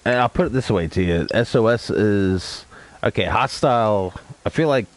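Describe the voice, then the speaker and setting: A man's voice: fairly low pitch, animated, normal speed. A man hosting a casual podcast chat, telling stories with frequent swearing. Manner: profane, storytelling. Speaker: podcast host.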